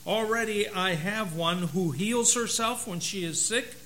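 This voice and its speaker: A man voicing God as a busy, excited creator, talking in a raised, animated voice. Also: high voice, a little slow, a little hiss or hum, pitched above the performer's own voice, full character voice. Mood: eager.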